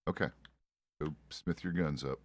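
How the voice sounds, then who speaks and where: Middle-aged man, very low register, rambling profane role-play banter, dry sound. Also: fairly even intonation, normal speed, no room sound. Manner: rambling and profane, with many restarts. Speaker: streamer playing a frontier deputy. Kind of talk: casual role-play chat.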